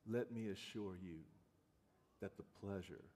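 A man imitating a gracious elderly woman poet, speaking slowly and deeply in a reverberant church. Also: dark tone. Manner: slow, deep, measured delivery. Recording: long reverb of a church hall.

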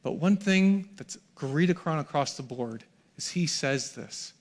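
This middle-aged pastor's voice is a little high, animated, and unhurried. Preaching to his congregation in a church hall, he drops to hushed near-whispers and then builds to shouted peaks.

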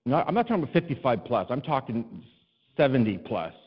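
A man preaching a sermon as a pastor, telling stories from his own life with humor at his own expense. His voice sits at an ordinary middle pitch and climbs into exasperated pleas. The sound is slightly dull and carries a long hall reverb. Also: a little fast, slightly rough. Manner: animated, self-deprecating, rising to exasperated cries. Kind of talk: storytelling sermon.

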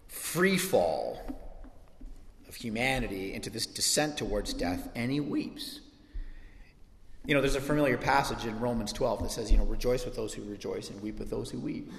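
A man preaching a sermon as pastor, animated and conversational, acting out little bits of dialogue and poking fun at himself. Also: mid-range voice, normal speed, roomy sound, in a large hall. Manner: animated, acts out short bits of dialogue, self-mocking asides.

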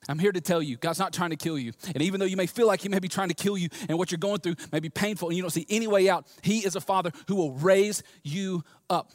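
A man from the US South, preaching a sermon in an emphatic, animated way, often repeating words as he restarts. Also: high-pitched, quick pace, few pauses, dry recording, clean studio sound. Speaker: pastor.

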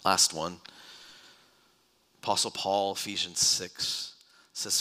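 A man's voice: lowish voice, lively intonation, unhurried, long pauses, pushed and bright. A man preaching a sermon, reading scripture with rising emphasis and dropping into casual asides.

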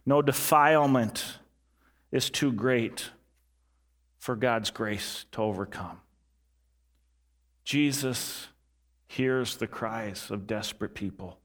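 A male pastor preaching a sermon earnestly, repeating key lines and dropping his voice soft and low for emphasis. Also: slow pace, pauses often.

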